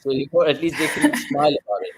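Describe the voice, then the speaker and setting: Lively young man hosting a watchalong. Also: a little high, fast, crowd noise. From India. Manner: animated, jokey, bursts into loud excitement at big moments. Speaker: watchalong host. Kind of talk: excited live cricket watchalong chat.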